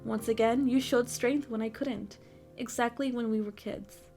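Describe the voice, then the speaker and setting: A woman reading aloud the lines of a rude, sharp-tongued young rich man in a visual novel, in a dry, wry way. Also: fairly high pitch, steady tone, normal speed, soft background music, close to an everyday voice. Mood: sulky.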